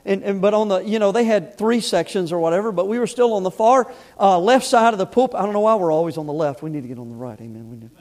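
A man with a notably high voice delivers a sermon from the pulpit of a church. His talk is folksy and plain-spoken, and it swells into loud, emphatic exhortation. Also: fast talker, few pauses. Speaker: pastor. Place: church sanctuary.

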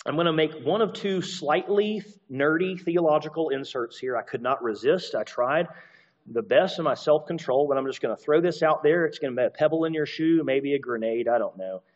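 A man's voice: on the high side, brisk, lo-fi sound. A man preaching through a Bible passage in a conversational way, restarting sentences and posing rhetorical questions to his listeners. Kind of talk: expository sermon.

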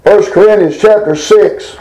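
High-voiced folksy preacher man. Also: a little slow, mellow, rough recording. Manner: folksy, emphatic, reads scripture aloud with rising pitch. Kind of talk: informal Bible teaching.

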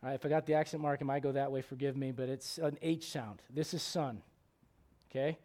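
A man preaching a sermon as pastor, swinging between loud emphatic questions and low, quiet asides. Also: fairly even intonation, a little fast.

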